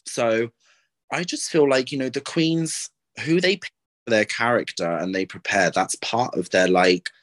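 A man's voice: mid-range voice, a little slow, fairly bright tone. A young man co-hosting a podcast in casual, rambling chat, full of ums and likes. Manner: rambling, filler-heavy. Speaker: podcast co-host.

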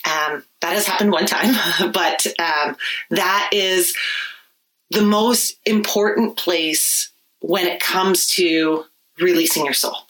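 A woman talking casually on a podcast about her healing practice. She tells lively stories and acts out the voices she quotes. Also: on the low side, slow pace, low-quality recording. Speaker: podcast guest, Reiki practitioner.

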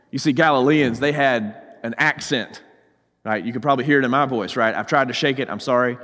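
A high-voiced male pastor with a Southern accent delivers a sermon. He drives hard in urgent passages and then sinks to a near-hush. His voice trails off into a long, echoing reverb. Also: animated, fairly quick. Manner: swings between loud urgency and hushed, low intensity.

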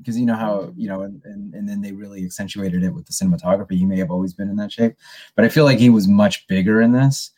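A man's voice: lowish voice, fairly even intonation, fast talker, mellow. A man in a casual movie review chat, rambling with many restarts.

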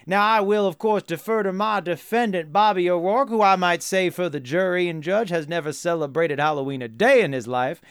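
A man's voice: high voice, fairly quick, few pauses, clear, resonant tone, no room sound, clean studio sound, natural voice. A man voicing a folksy small-town male lawyer in a put-on Southern US accent, speaking with a drawling, mock-courtroom pomp. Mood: pompous.

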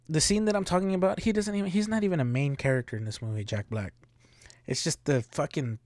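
A man's voice: medium pitch, darkish tone, dry recording, studio quality. A man hosting a podcast alone, rambling casually with heavy swearing and frequent laughter. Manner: rambling, profane, laughing often. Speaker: podcast host. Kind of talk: casual solo commentary.

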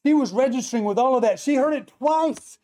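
High-voiced man preaching a testimony. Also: brisk. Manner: animated storyteller, asks the audience questions. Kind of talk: sermon testimony story.

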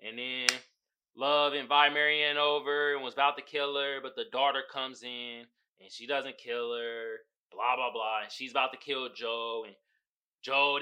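A young podcast host with a slightly high, clear, resonant voice recaps a show in loose, casual chat full of profanity. He's animated, laughing and putting on voices to quote the characters.

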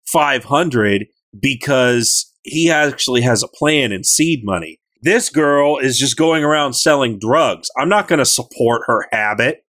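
A man chatting casually on a gaming podcast, retelling a story with animated, joking energy. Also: medium pitch, a little slow, hardly any pauses. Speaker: podcast co-host recapping a game.

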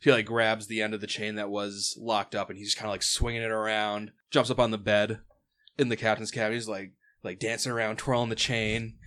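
A man narrates as game master with a somewhat low voice. His delivery is loose and rambling, packed with fillers and quick laughs. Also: little pitch movement, sharp tone.

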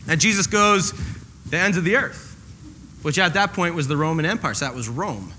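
A man's voice: fairly high pitch, lively intonation, normal speed, bright, forceful tone, slight background noise, rough recording. A man preaching a sermon to a congregation, joking and acting out the voices of the people in his story. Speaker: pastor. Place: church hall with a congregation.

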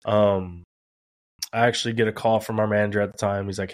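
A man in his thirties from Texas, a ballplayer guest speaking in a relaxed, earnest way. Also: lowish voice, a little fast. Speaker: professional baseball player guest. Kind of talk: casual interview.

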